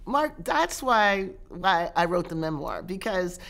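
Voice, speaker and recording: A middle-aged woman professor and author answering interview questions in a measured way, often pausing and restarting her phrases. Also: lowish voice, sing-song, creaky, a bit bright. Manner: measured, with frequent restarts and pauses.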